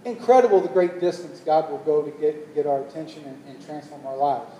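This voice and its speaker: High-pitched preacher guy, mellow, long hall reverb, rising to emphatic calls. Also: a little fast, far from the mic, muffled recording, slight background noise. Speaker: pastor. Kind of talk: sermon. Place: church hall.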